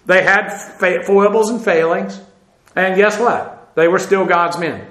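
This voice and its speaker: A man's voice: high-pitched, a little slow, fairly bright tone, roomy sound. A man teaching a Bible passage verse by verse, explaining Greek grammar and spelling words out letter by letter, with frequent "uh" fillers and self-deprecating asides.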